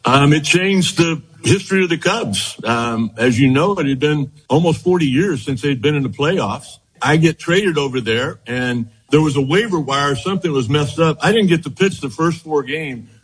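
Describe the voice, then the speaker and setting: An older man, a former pitcher, telling animated stories and laughing often as he looks back on his career. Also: moderate pace, few pauses, slightly rough, rough recording. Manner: animated anecdotes, laughs often, frequent "as you know". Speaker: former baseball pitcher, guest. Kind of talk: reminiscing storytelling.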